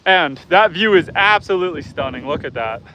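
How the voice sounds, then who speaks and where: Streaming live from his farm outdoors, a homesteader chats casually, reads out what viewers write, and calls to his animals. His voice is on the high side, animated, and a little fast, with a bright, forceful tone over slight background noise.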